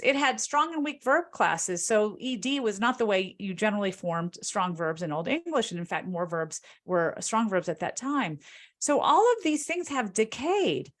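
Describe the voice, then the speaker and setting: A woman linguist and author answering audience questions in an explanatory, lecture-like way, with animated rises when she stresses a point. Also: fairly high pitch.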